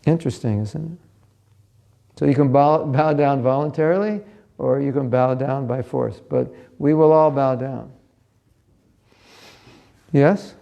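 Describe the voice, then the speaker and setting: A man giving a scripture class in a relaxed, conversational way. His voice is dark and gravelly, and he often drops softer as he tells a story. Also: medium pitch, unhurried, long pauses, highs cut off. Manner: conversational, storytelling, asks listeners questions. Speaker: class speaker.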